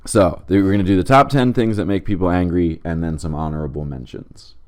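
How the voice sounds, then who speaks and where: A man with a notably low voice co-hosts a comedy podcast in easygoing chat. He jokes freely and slips into mock-angry outbursts for laughs. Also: fairly quick. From West Virginia. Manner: jokey, bursts into mock-angry shouting. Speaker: podcast co-host.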